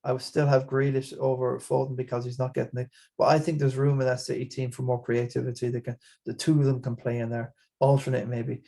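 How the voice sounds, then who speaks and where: A man's voice: medium pitch, little pitch movement, fairly quick, creaky, few pauses, mellow. A man with an Irish accent hosting a casual fantasy football chat, rambling along with frequent restarts and repeated words. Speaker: podcast host.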